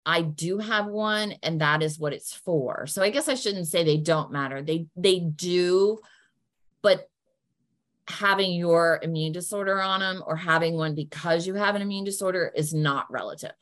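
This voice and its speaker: Woman, lowish voice, easygoing advisor, friendly and practical in a Q&A. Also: measured pace, fairly bright tone. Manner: friendly and down-to-earth, acts out polite phone lines. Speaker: patient advocate answering questions. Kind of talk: practical advice in a Q&A.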